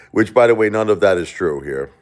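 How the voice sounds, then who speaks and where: A man's voice: low voice, lively intonation, moderate pace. A man hosting a livestream who talks to his chat in a defensive, argumentative way and often repeats himself. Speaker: livestream host.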